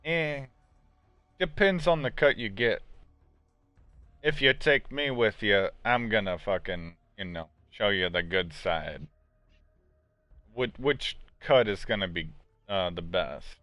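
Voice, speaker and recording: Blunt, swearing man with a smooth voice. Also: on the low side, slow, long pauses, pushed and bright, no room sound, soft background music. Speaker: podcast host answering viewer questions. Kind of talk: casual chat. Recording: dull, muffled recording.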